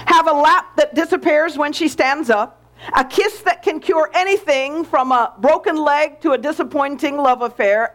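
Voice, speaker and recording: A woman preacher giving a sermon in a deliberate, emphatic way. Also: sits high.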